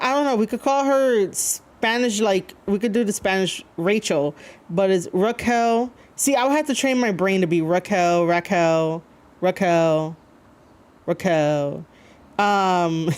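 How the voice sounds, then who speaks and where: Woman, live streamer, casual chat, rambling, lots of fillers, reads chat aloud. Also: medium pitch. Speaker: streamer reacting to wrestling.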